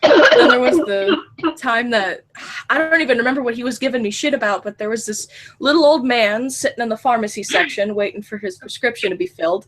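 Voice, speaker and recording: A woman in her early twenties telling a funny story in casual chat, animated, laughing often and swearing freely. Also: fairly high pitch, fairly quick, slight background noise. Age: 20s.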